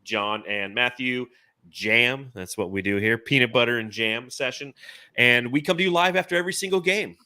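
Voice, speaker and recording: A man in his forties hosting a casual sports podcast, talking in an animated, rambling, enthusiastic way. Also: mid-range voice, no room sound. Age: 40s. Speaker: podcast host.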